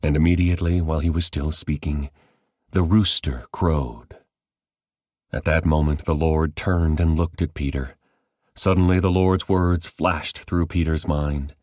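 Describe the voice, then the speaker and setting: A man reading a Bible passage aloud as measured, scripted narration. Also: extremely low pitch, steady tone, darkish tone, no echo, studio quality. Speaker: Bible reader.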